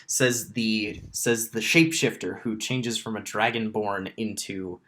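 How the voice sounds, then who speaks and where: Brief: male game master, slow, halting narration, mid pitch. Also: fairly even intonation, a bit bright. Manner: halting, many restarts and ums. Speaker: dungeon master.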